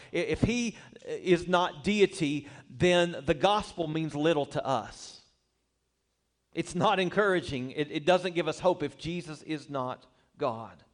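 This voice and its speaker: A man preaching a sermon, speaking emphatically, posing rhetorical questions to the congregation and telling humorous personal stories. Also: sits high. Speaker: pastor.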